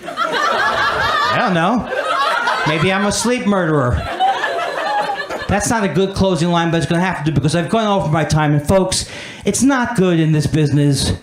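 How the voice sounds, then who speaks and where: Self-mocking stand-up comic, high voice. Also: male voice, noisy background. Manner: self-mocking, riffs on his own weak jokes. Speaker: stand-up comedian. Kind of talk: stand-up comedy set. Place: comedy club stage. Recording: roomy club sound with a laughing crowd. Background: audience laughter.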